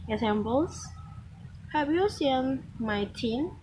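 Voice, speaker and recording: A woman reading a pronunciation lesson aloud from a textbook, slow and careful, with restarts and small slips. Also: sits high, lively intonation, background noise. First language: Malay.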